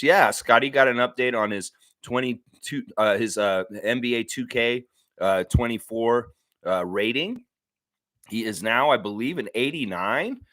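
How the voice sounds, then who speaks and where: A man hosting a casual fan livestream, with an excitable, hyped-up delivery that now and then bursts into loud cheers. His voice sits at an ordinary middle pitch, and the sound is dry and close, with no room echo. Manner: excitable, shouts hype bursts, chewing while talking. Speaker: livestream host.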